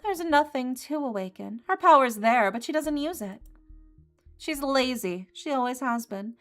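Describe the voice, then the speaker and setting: A woman's voice: high-pitched, animated, moderate pace, soft background music, pitched above the performer's own voice. A woman voicing a cold, disdainful authority figure in a visual novel game, speaking in a cutting, scornful way.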